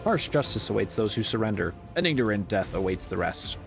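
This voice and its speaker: A man's voice: fairly low pitch, big pitch swings, brisk, creaky, faint music behind. A man reading as a stern zealous woman judge. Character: zealous female rogue trader judge, cruel then repentant.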